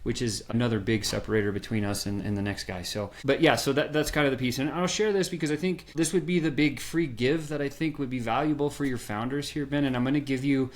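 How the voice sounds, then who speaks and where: A man guest on a podcast, explaining a sales method with lively storytelling and quick bursts of acted-out dialogue. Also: medium pitch. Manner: animated storyteller, acts out quoted voices. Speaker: podcast guest, software founder. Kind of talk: energetic sales pitch in conversation.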